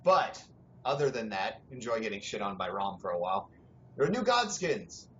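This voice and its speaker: A young man with a fairly low voice hosts a casual gaming podcast, rambling and swearing in a relaxed way. The sound is dull and lo-fi with a faint hiss behind him. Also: normal speed. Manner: relaxed, rambling, swears freely, laughs often. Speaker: podcast host.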